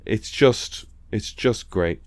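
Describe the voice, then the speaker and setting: Low-voiced man in loose podcast chat. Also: slow pace, no room sound. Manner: rambling, swearing, many fillers. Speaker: podcast co-host. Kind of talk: casual chat.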